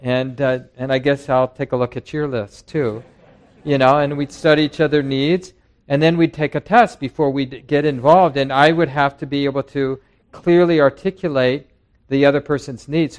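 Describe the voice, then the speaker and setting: A man's voice: mid-range voice, steady tone, moderate pace. A man, a meditation teacher, giving a conversational, reflective dharma talk to a group in a meditation center. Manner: conversational and reflective, with acted quotes. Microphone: handheld mic passed around.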